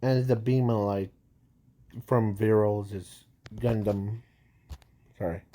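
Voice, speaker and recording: A man's voice: on the low side, fairly even intonation, dark tone. A man improvising a fan-fiction story aloud, stopping and restarting often and correcting himself as he goes. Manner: halting, many restarts and trailing words; says "sorry" to correct himself. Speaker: amateur storyteller.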